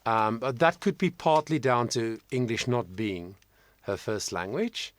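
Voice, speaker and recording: A man's voice: mid-range voice, measured pace, no echo. A man working as a vocal coach, talking through a singer's performance in casual commentary, thoughtful, with frequent ums and restarts.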